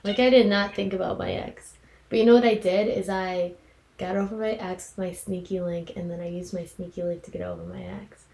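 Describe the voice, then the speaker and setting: A woman's voice: lowish voice, fairly even intonation, brisk, creaky, darkish tone. A woman in her twenties co-hosting a podcast, telling stories in a rambling way with lots of "like". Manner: rambling storyteller, heavy filler "like". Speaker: podcast co-host. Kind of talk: casual chat. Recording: echoey room, faint noise.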